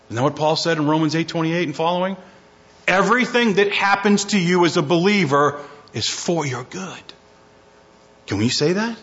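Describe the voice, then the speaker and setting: A man's voice: high voice, normal speed. A man preaching a sermon, reading scripture and acting out quotes with dramatic shifts in his voice. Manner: animated preaching, dramatic voicing of quotes, rising to near shouts. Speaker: pastor. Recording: muffled lo-fi recording.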